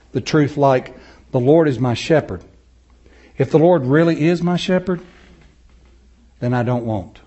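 A man preaching a sermon, moving between loud, rising passages and low, slow, soft ones, chuckling often. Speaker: pastor.

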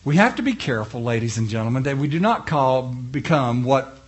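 Husky, emphatic male preacher. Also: mid-range voice, lively intonation, brisk. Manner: emphatic, swinging from hushed to loud; rhetorical questions to the congregation. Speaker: pastor. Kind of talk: sermon.

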